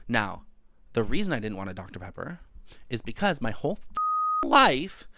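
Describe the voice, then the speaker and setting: A man's voice: lowish voice, normal speed, dry recording. Guy doing a sweary comedy rant, big jumpy outbursts, dry close mic. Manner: animated, profane, exaggerated outbursts.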